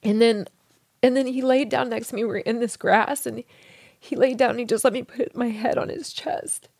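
A woman speaking in a fairly high voice with a gravelly, creaky edge. She tells a personal story in an interview, tender and hushed, often sinking into a soft whisper. The recording is close and dry, with no room sound. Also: steady tone, fairly quick, dry recording. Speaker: interview guest.

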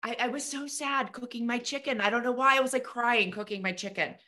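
A woman's voice: fairly high pitch, brisk, bright, forceful tone. A middle-aged woman co-hosting a podcast, telling a rambling, emotional story in casual chat. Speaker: podcast co-host.

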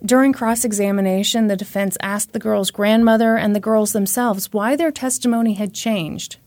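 A woman's voice: medium pitch, fairly even intonation, normal speed, darkish tone, dry recording. A woman hosting a podcast, telling a true crime story in a conversational way with wry asides. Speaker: podcast host.

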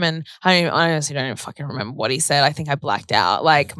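A young woman with a slightly low voice chats on a podcast. She rambles through a story with plenty of fillers and plays out the other people's lines herself. The sound is dry and close, with no room around it. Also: lively intonation, very fast, a bit bright, no room sound. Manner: rambling storytelling, many "like" fillers, re-enacts dialogue. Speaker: podcast co-host sharing a personal story. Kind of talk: casual chat.

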